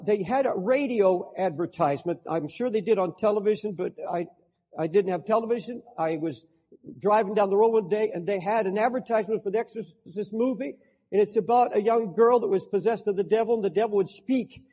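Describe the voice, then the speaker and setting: A man's voice: high-pitched, dark tone, breathy edge. A man pastor preaching a sermon with earnest conviction, growing impassioned as he voices a psalm's complaint. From United States. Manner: earnest preaching, rising to impassioned when voicing scripture. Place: large church sanctuary. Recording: long reverb of a large hall.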